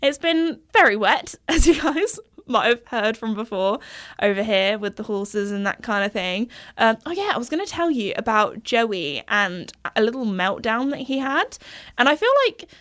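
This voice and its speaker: Chatty young woman, higher voice. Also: lively intonation, normal speed, fairly bright tone. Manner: chatty and rambling, laughs often. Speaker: podcast host. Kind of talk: casual chat.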